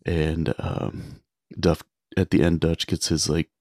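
A man's voice: rumbling low, flat delivery, slow, darkish tone, dry recording, clean studio sound. A man co-hosting a podcast, casually retelling movie scenes in a rambling way with lots of filler words. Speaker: podcast co-host.

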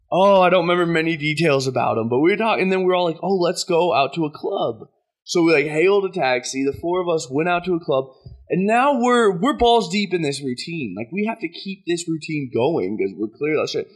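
A man's voice: fairly high pitch, big pitch swings, a little fast. A young man hosting a podcast, telling a story in casual chat and laughing at himself as he goes. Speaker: podcast host.

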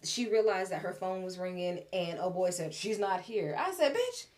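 A woman's voice: lowish voice, moderate pace. A woman co-hosting a podcast, chatting casually about a film and acting out its lines with slang and swearing. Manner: animated, acts out movie lines with profanity and slang. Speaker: podcast co-host. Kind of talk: casual movie review chat.

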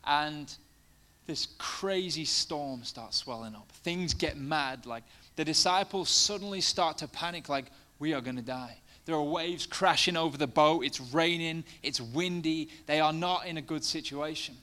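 A man's voice: fairly high pitch, measured pace, bright, forceful tone. Male preacher, casual and chatty in his sermon, swelling into fervent emphasis. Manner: conversational, many fillers, rising to passionate emphasis.

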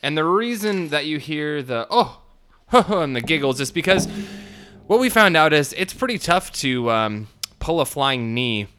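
Here the podcast host sounds fairly high and sing-song, with a sharp tone at a normal speed and a little background noise. Alone at the mic, he rambles in a casual monologue full of fillers and crude jokes, his split lip swollen.

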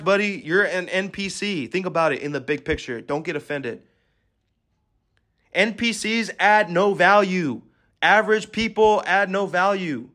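A man's voice: sits high, pushed and bright. A man hosting a podcast, giving an aggressive, swear-filled motivational rant at the listener. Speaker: podcast host.

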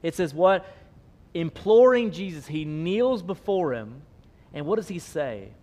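A man preaching in a high, bright-toned voice. He drives his points home with emphatic repetition and rhetorical questions, yet keeps a loose, casual way of talking. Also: expressive, a little slow. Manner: casual, with filler likes. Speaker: pastor. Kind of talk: sermon.

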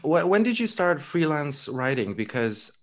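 A man's voice: fairly high pitch, sing-song, unhurried. A man hosting a podcast, chatting with his guest in a playful, enthusiastic way. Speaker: podcast host. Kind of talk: casual interview chat.

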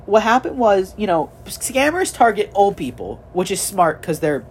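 A woman's voice: medium pitch, big pitch swings, moderate pace, slight background noise. Profane young woman telling a family story. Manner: profane, exasperated, mimics relatives in quotes. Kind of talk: casual storytelling chat.

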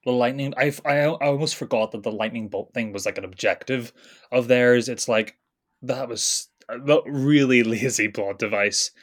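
A man's voice: mid-range voice, moderate pace. Easygoing male co-host, teasing and chatty, casual review talk. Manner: teasing, laughs easily. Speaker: podcast co-host.

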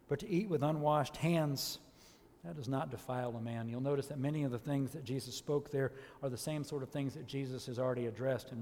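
Impassioned male preacher in a reverberant hall. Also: a little mellow. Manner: impassioned, rising to emphatic peaks then dropping low. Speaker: elder preaching. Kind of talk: sermon.

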